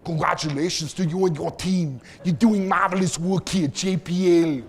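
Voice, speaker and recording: A man doing a deliberately rough impression of a stiff, formal male action-star governor. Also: sits high, fairly even intonation, pitched above the performer's own voice.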